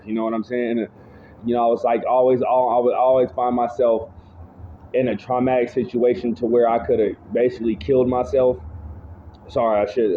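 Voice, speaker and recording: A man casually telling his own life testimony, rambling, restarting his sentences and often saying "you know what I'm saying". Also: lowish voice. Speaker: speaker giving personal testimony. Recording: tinny phone-like audio with faint noise.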